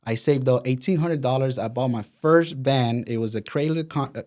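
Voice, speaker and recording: A man's voice: medium pitch, normal speed. A man in his thirties from Venezuela with a Spanish accent, telling his story as a guest in a casual interview and acting out the voices of the people he quotes. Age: 30s. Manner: animated, acts out quoted voices.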